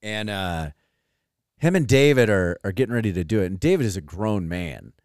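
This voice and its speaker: A man's voice: fairly low pitch, normal speed, smooth, no room sound, studio quality. A man co-hosting a casual podcast, telling a family story with profanity and frequent laughter. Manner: animated, profane, laughs while telling stories. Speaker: podcast co-host.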